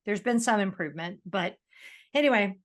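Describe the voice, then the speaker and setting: A woman co-hosting a podcast, talking in a casual, animated way as she rants and often laughs. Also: mid-range voice, normal speed. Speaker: podcast co-host.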